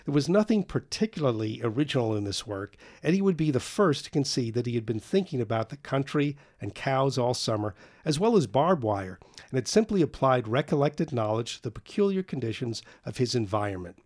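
A man's voice: medium pitch, sing-song, brisk, a little mellow. A man reading a novel aloud in a dry, wry way. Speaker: narrator.

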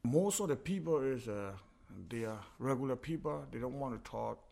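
Man speaking halting, broken English. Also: medium pitch, expressive, creaky, warm tone. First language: not English. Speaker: interviewee. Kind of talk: casual interview talk.

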